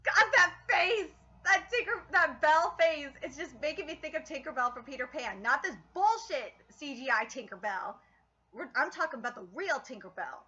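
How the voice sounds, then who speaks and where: A woman reacting live while reading a manga aloud, loud and excitable, with frequent outbursts and heavy swearing. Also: high voice, normal speed. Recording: lo-fi stream audio.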